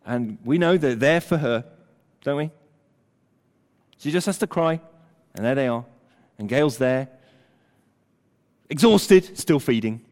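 An older man preaching a sermon, emphatic, at times dropping almost to a hush. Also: mid-range voice, takes it slowly, long pauses. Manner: animated, emphatic preaching with dramatic drops to near-whisper. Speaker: pastor. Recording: long hall reverb.

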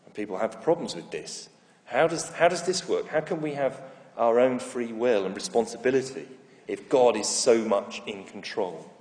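A middle-aged man preaching a sermon, telling stories and stressing key phrases with slow repetition. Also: mid-range voice, expressive, darkish tone. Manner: storytelling, emphatic with slow repeated phrases. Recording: echoey hall reverb.

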